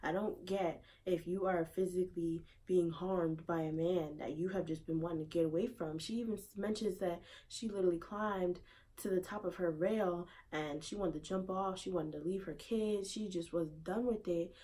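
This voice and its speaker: A woman's voice: on the low side, fairly even intonation, moderate pace, warm tone. A woman giving her opinion casually in a vlog, repeating rhetorical questions in disbelief. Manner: conversational, with fillers. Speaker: vlogger.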